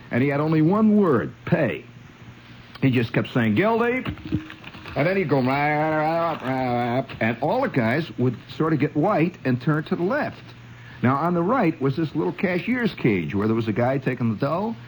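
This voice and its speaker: Animated, chuckling male storyteller from Indiana. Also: medium pitch, slight background noise, poor audio. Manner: animated, chuckling, with asides to the listener. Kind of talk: spoken storytelling monologue.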